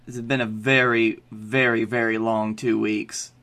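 A man's voice: lowish voice, level tone, unhurried, pushed and bright. A man co-hosting a podcast in casual chat, laid back and dry. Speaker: podcast co-host.

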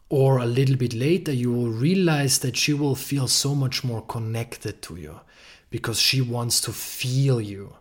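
A man hosting a podcast, giving an earnest relationship-coaching monologue and swearing freely for emphasis. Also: medium pitch.

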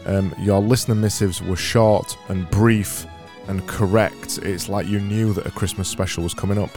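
Low-voiced podcast host, dry humour. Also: male voice, fairly even intonation, normal speed, darkish tone, soft background music. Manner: dry, self-mocking, reads listener messages. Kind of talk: casual solo podcast chat.

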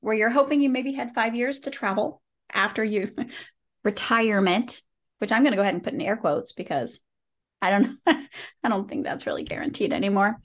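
A woman hosting a casual interview podcast, animated and playful, laughing often and talking in loose rambling asides. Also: mid-range voice, normal speed. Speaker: podcast host.

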